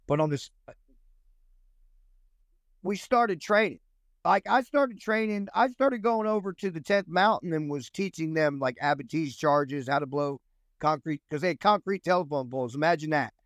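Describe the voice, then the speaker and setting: A man's voice: on the high side, no echo. Rambling man telling war stories. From United States. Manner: rambling, with frequent restarts and acted quotes. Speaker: guest, former Army Ranger. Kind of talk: storytelling interview.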